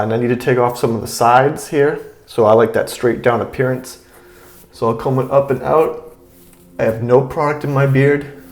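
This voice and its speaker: A man talking through a beard trim in a relaxed, chatty way, with lots of fillers and repeated words. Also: medium pitch, echoey room. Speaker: beard grooming vlogger. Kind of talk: relaxed how-to talk while trimming.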